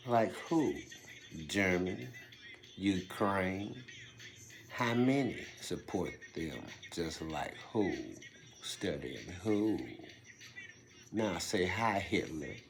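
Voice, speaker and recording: A man giving a preachy monologue, firing off rhetorical questions and swinging between loud bursts and hushed whispers. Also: deep voice, very slow, pauses often, background noise. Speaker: speaker delivering a monologue.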